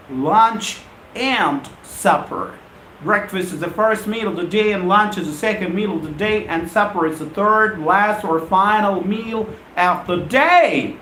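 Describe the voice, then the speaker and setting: A man teaching an English lesson on a live stream, emphatic and repeating phrases in slow deliberate drills. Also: high voice, a bit bright, slight background noise. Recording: echoey room with faint ambience.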